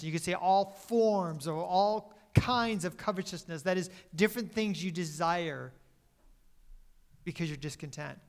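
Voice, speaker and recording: This pastor's voice is high and his pace a little slow. During his sermon he shifts from louder, emphatic statements to hushed, dropped phrases, sometimes revising a sentence midway.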